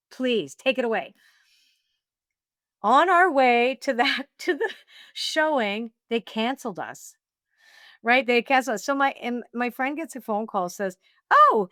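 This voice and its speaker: Animated woman telling a story. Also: on the high side, no echo, clean studio sound. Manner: animated, laughing storyteller, acts out her own quotes. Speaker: guest, oracle deck author. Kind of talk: casual storytelling interview.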